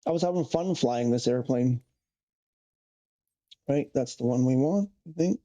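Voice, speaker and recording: A man's voice: mid-range voice, unhurried, mellow. A man streaming a flight game, chatting casually and thinking aloud as he corrects himself. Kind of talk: casual live-stream chat.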